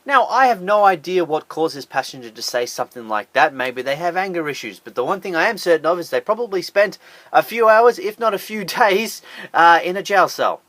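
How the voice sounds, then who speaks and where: Animated, high-pitched sarcastic male host. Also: fairly quick, no echo. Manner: sarcastic, incredulous. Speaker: host of a top ten list channel. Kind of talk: scripted list commentary.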